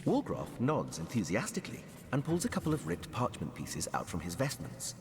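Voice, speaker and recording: A man's voice: low voice, wildly swooping pitch, brisk, exaggerated voice. A man voicing the narrator of a fantasy game, telling the story in a storybook manner. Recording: game audio with long reverb, faint noise.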